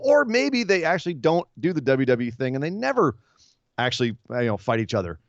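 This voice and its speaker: A man's voice: mid-range voice, sing-song, no room sound. Chatty man recapping wrestling, lo-fi. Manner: rambling, retells comedy segments with quick voiced asides. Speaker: podcast co-host. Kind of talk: casual wrestling recap chat. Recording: dull lo-fi podcast audio, dry.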